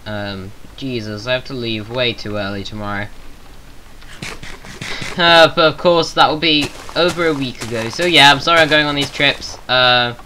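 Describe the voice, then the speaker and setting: Bright-voiced rambling English gamer guy. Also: mid-range voice, normal speed, slight background noise, rough recording. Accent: Southern English. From England. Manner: rambling, self-mocking, jokey asides. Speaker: gaming YouTuber. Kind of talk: rambling Minecraft gameplay commentary.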